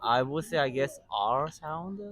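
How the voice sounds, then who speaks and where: Interviewer: man, casual, quick affirmations. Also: mid-range voice, expressive, fairly bright tone. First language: Japanese. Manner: short, frequent nods. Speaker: street interviewer.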